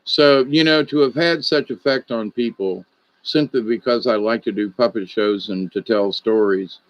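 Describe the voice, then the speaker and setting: A man's voice: mid-range voice, moderate pace, no echo, lo-fi sound. A man, a puppeteer and storyteller, telling an anecdote in a casual, rambling way, with many restarts and quoted dialogue.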